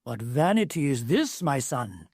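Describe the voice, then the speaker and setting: A woman's voice: rumbling low, sing-song, a little slow, mellow, husky, no room sound, clean studio sound, heavily acted. A woman voicing a stern, formal old male genie scolding his son in a storybook. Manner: formal, archaic, solemn.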